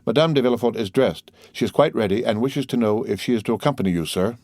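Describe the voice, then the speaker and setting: A man's voice: mid-range voice, fast, a little mellow, no echo, clean studio sound, close to an everyday voice. A man voicing a deferential male household valet who speaks politely and dutifully.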